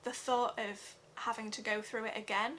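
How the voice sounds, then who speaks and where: A young woman giving an earnest personal vlog update, talking haltingly with many fillers. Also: a little high, level tone, a bit bright, slight background noise. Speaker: vlogger.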